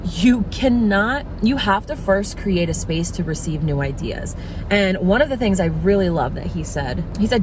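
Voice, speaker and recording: A woman's voice: mid-range voice, expressive, normal speed. A young woman vlogger in casual reflective chat, talking in an earnest, musing way and stretching words out for emphasis. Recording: noisy background.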